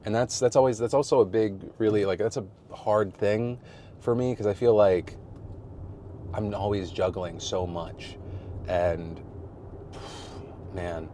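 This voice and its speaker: A man's voice: lowish voice, steady tone, a little slow, pauses often, warm tone, slight background noise. A man in his forties talking casually and candidly to his vlog audience from a parked car, rambling, self-deprecating, laughing often and swearing freely. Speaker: vlogger. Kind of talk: casual personal vlog chat.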